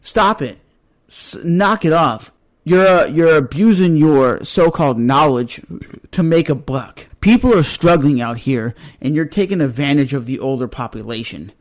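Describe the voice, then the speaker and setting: A man's voice: mid-range voice, expressive, moderate pace. A man vlogging a blunt, exasperated rant straight to the camera, swearing freely. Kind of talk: ranting monologue to camera.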